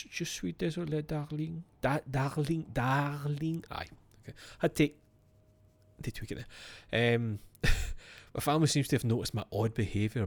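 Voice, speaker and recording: A man streaming a game, reading its letters aloud and breaking off for wry asides to himself. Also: mid-range voice.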